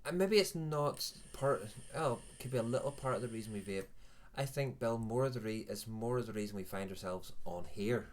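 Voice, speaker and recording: A man's voice: medium pitch, brisk, hardly any pauses, a little hiss or hum. A Northern Irish man in his forties hosting a live chat show, talking candidly and self-deprecatingly in a rambling way. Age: 40s. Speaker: live show host and vape reviewer. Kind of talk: casual chat.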